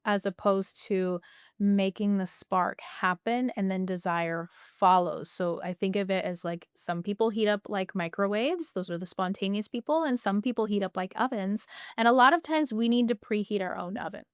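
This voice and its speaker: A woman speaking as a podcast guest explains her ideas patiently, often tagging her points with "right?" Her voice is smooth and clear at a middle pitch. The recording is dry and close. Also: normal speed, no echo. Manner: warm explanatory, tags with "right?", laughs lightly. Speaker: sexologist guest. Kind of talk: explaining in an interview.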